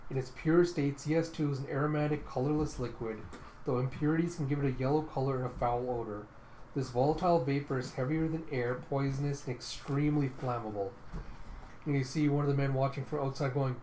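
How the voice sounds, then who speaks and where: A man's voice: mid-range voice, fairly even intonation, brisk, darkish tone. Man casually retelling a comic. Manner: casual, filler-heavy retelling. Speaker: comic book reader. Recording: roomy room with faint noise.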